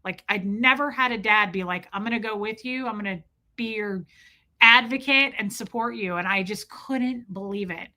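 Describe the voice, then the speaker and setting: A woman tells a personal story to her viewers, chatty and emotional, leaning on "like" constantly. Her voice sits at a middle pitch with a bright, forceful edge. She sounds in her thirties and talks straight to her audience. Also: normal speed. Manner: chatty, heavy use of "like", emotional. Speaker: vlogger.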